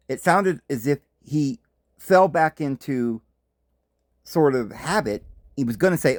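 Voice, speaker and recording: A man's voice: medium pitch, animated, moderate pace, a little mellow, no echo, clean studio sound. A man from the United States hosting a commentary monologue, speaking emphatically with rhetorical questions and asides. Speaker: host.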